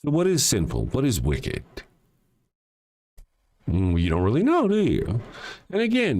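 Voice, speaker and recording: A man hosts a solo commentary show in a sarcastic, mocking way, swearing freely. His mid-pitched voice swings widely up and down as he talks. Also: smooth. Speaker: host.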